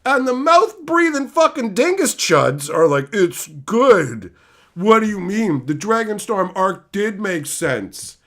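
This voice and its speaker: Profane ranting young man, swinging pitch. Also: very animated, unhurried, hardly any pauses, fairly bright tone. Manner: angry, profane, sarcastic ranting. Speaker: streamer. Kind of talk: livestream rant.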